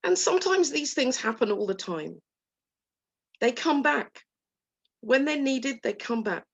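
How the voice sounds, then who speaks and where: Female coach, slow gentle delivery, soothing tone, a bit high-pitched, speaking over a video call. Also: lively intonation, breathy edge. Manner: gentle, slow and soothing, acting out inner dialogue in a soft voice. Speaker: guest coach. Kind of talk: talk to a live online group.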